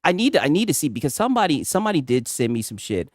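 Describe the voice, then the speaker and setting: A man streaming gaming reactions in casual, excitable commentary, swearing often and laughing a lot. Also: on the high side, rapid-fire, no room sound, studio quality.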